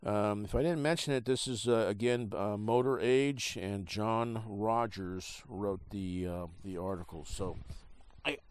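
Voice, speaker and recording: A podcast host with a lowish voice reads a trade article aloud, halting and casual with many fillers. He has the hiccups.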